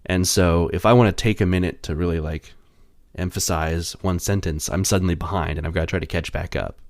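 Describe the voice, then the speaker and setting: A man co-hosting a podcast in casual chat, relaxed and explaining things at length. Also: sits low, brisk, no echo, studio quality. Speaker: podcast co-host.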